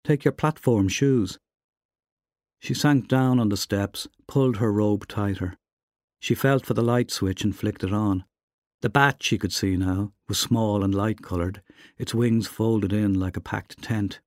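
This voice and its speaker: A man giving a measured reading of a literary short story. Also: fairly low pitch, darkish tone, dry recording, clean studio sound. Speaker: reader.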